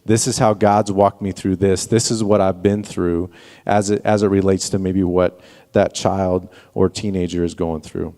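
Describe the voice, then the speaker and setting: A man's voice: sits low, little pitch movement, moderate pace, mellow. A middle-aged man preaching a sermon as pastor, telling personal stories earnestly and often restarting his sentences. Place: church sanctuary. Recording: long reverb of a church hall.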